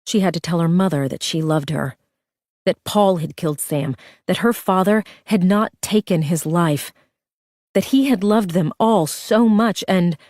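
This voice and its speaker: A woman's voice: lowish voice, a little slow, a little mellow, no echo, clean studio sound. A woman narrating a thriller audiobook with a tense, urgent reading.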